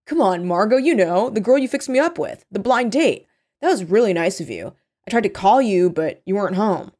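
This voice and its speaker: A woman's voice: mid-range voice, lively intonation, a little fast, darkish tone, natural voice. A woman voicing an earnest, flustered teenage boy, reading aloud from a novel.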